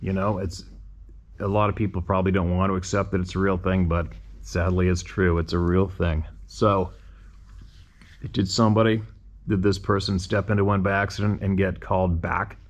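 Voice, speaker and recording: A man's voice: deep voice, little pitch movement, moderate pace. A man hosting a show, reading listener emails aloud and breaking off to muse on them in a conversational way with rhetorical questions.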